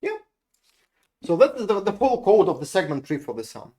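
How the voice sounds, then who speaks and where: A man with a Russian accent lectures on code at a university, speaking fairly quickly in a high, warm, very animated voice. Working through examples live, he often restarts sentences and repeats words.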